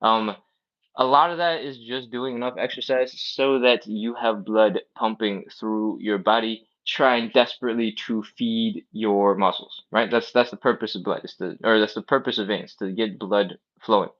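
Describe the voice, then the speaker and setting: This fitness instructor, voice on the low side and tone steady, moves at a moderate pace as he streams a stretching class live. Down on the floor doing each exercise, he explains it casually and keeps asking "all right?" The highs in the audio are cut off.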